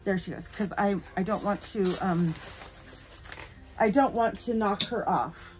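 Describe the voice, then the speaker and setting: A woman's voice: mid-range voice, measured pace, background noise. A woman chatting casually through an unboxing, playful and giggly, now and then slipping into a spooky voice. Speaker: unboxing YouTuber.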